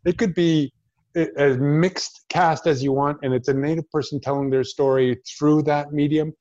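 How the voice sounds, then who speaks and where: A man's voice: on the high side, fairly even intonation, moderate pace, darkish tone, no echo. Man, middle-aged, actor guest, earnest, blunt, dull lo-fi recording. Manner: earnest, blunt, speaks out against stereotypes. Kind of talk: casual chat.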